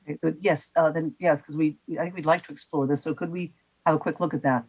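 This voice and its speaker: A woman chairing a public commission meeting, polite and measured, with frequent fillers. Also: deep voice, fairly even intonation, darkish tone, slightly rough.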